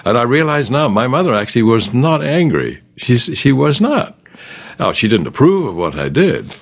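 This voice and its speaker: An older man from England, an author and teacher, leading a gentle conversational Bible discussion. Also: mid-range voice, big pitch swings, normal speed, gravelly.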